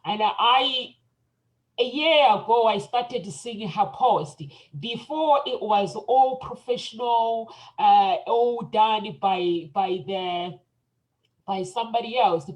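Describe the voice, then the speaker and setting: Female talk show host, chatty and lively, middle pitch. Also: slow, rough recording. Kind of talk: panel talk show chat.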